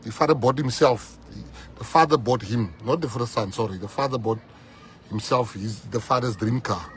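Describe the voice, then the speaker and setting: South African male politician, fiery rally speaker, loud peaks, slight background hiss. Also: mid-range voice, moderate pace. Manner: fiery, switching between English and Afrikaans, shouting at peaks. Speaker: political leader. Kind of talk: rally speech.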